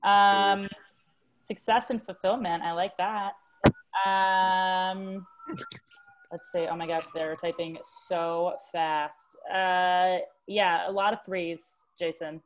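Slow-talking woman reading out chat. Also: fairly low pitch, steady tone, low-quality recording. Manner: hesitant, with fillers. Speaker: session co-host reading chat. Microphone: online video session.

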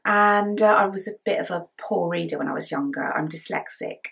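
This casual chat comes from a middle-aged woman from England who hosts a knitting podcast. Talking fairly quickly, she has a fairly low, gravelly, slightly rough voice with a fairly bright tone, tired today, and she rambles chattily with fillers and giggles.

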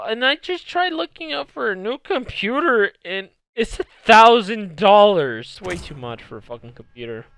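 A young man giving loud, profane, jumpy gameplay commentary, his voice going hoarse from yelling. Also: very high-pitched. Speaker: gaming streamer.

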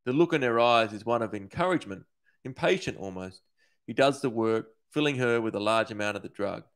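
Aussie-born guy reading his own dark short story, steady and measured. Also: medium pitch. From Australia. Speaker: author.

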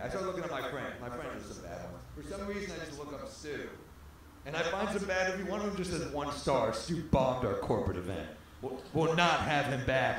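A male comedian telling a stand-up story on stage in a club, animated and laughing through his own lines. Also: fairly high pitch. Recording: echoey comedy club with faint noise.

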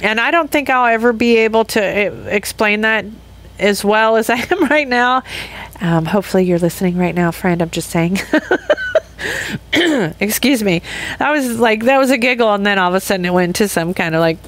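A woman's voice: mid-range voice, brisk. A middle-aged woman hosting a podcast, talking through a personal reflective monologue in a rambling, self-interrupting way with frequent laughs. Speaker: podcast host.

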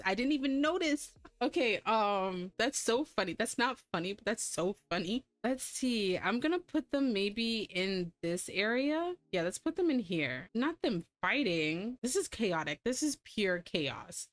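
A woman's voice: mid-range voice, expressive, a little slow, hardly any pauses, no room sound. A woman giving casual let's-play commentary, chatty and laughing often as she bosses her game characters around. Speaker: gameplay streamer.

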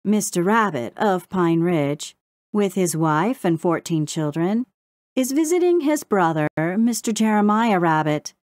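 A woman's voice: lowish voice, expressive, measured pace, darkish tone, dry recording, studio quality. A woman voicing a fussy male crow who reads out the news in a sing-song, clipped delivery. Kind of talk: audiobook character voice.

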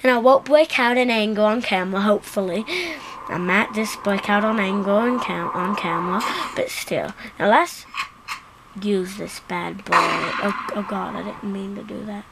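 Woman, gameplay commentator, excitable and jokey, mid pitch, loud noisy background. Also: normal speed, vocal fry. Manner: excitable, self-mocking, chatty. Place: home, seated at computer.

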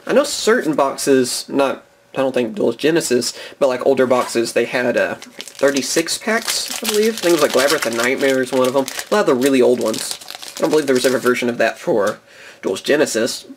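A man's voice: mid-range voice, expressive, a little fast, slight background noise. Young adult male, casual card-opening host, enthusiastic and rambling, laughs a lot. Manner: chatty and enthusiastic, chuckles often. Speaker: card-collecting video host. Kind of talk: casual box-opening commentary.

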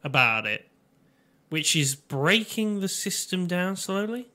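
Bloke cohost, bright tense voice, bit high, swears a lot. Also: male voice, big pitch swings. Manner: quick to interject, swears freely. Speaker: podcast co-host. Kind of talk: casual banter.

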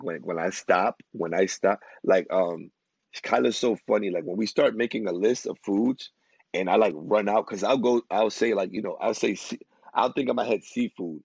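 A man's voice: lowish voice, moderate pace, vocal fry, a little mellow, husky, dry recording. A man on a podcast as a guest, talking casually and rambling, restarting his sentences often. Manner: rambling, many restarts and fillers. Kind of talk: casual chat. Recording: dry, muffled lo-fi sound.

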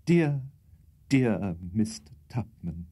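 A man's voice: on the low side, very animated, slow, warm tone, husky, exaggerated voice. A man voicing a fluttery, hysterical middle-aged spinster woman in a storybook reading, with breathless shrieking lines. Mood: tender.

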